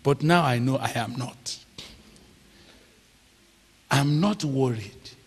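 A man preaching a sermon, slow and emphatic, drawing out phrases and checking in with the audience. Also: medium pitch, breathy edge. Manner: slow, emphatic, drawn-out phrases with call-and-response questions. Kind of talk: sermon teaching. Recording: long hall reverb.

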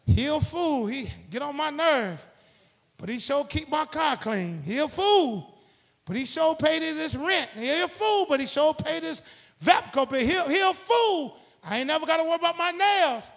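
A man's voice: very high voice, lively intonation, normal speed, vocal fry, fairly bright tone, full character voice. A man voicing an exasperated wife who grumbles about her husband and then grudgingly praises him.

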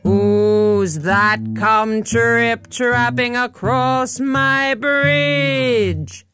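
A woman voicing a horrible, mean troll who speaks in drawn-out, menacing threats. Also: fairly high pitch, fairly even intonation, fairly bright tone, soft background music, pitched above the performer's own voice. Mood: bellowing. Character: horrible mean male troll under a bridge.

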